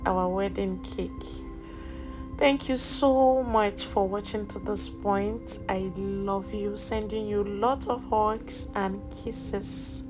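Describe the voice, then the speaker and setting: A woman with a Nigerian accent, a cake baker vlogging, talking loudly and teasing, often laughing. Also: medium pitch. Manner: loud, teasing, bursts of laughter. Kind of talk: casual vlog chat. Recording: loud music and crowd behind.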